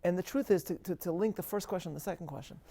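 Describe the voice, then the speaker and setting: Gravelly-voiced rabbi, earnest and measured. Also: male voice, high-pitched, mellow. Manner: measured and earnest, with emphatic stresses and frequent restarts. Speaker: rabbi giving a talk at a live interview. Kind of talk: thoughtful lecture-style answer.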